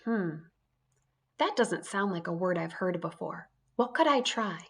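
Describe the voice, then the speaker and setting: Animated, slow-talking woman teaching. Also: lowish voice, breathy edge. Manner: sounds out letters slowly, animated and encouraging. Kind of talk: early reading lesson for children.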